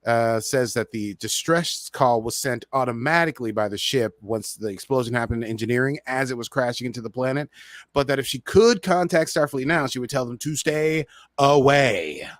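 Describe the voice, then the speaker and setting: A man's voice: mid-range voice, expressive, fairly quick, dry recording, clean studio sound. A man hosting a podcast, casually recapping a TV episode in a rambling, chatty way with many fillers. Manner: rambling, chatty, full of "uh" and "so he's like". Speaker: podcast host.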